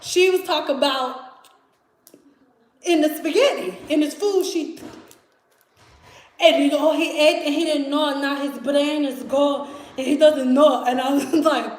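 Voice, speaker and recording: Brief: young Detroit woman, casual storytime vlogger, high voice, lively and laughing. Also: a little slow, pauses often, reverberant. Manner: chatty, animated, laughs often, acts out voices. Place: home kitchen.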